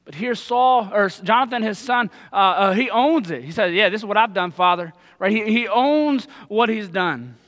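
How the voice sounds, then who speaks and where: A male pastor preaching a sermon, with a high voice and a sharp, bright edge. His delivery is casual and conversational, and he drops into folksy paraphrases of the text. The sound carries a long church-hall reverb. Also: lively intonation, normal speed, hardly any pauses.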